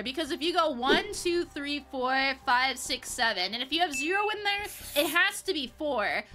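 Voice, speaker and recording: A woman giving loud, profane, comedic gameplay commentary, swearing constantly and shouting at wins and losses. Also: sits high. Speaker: gaming video creator.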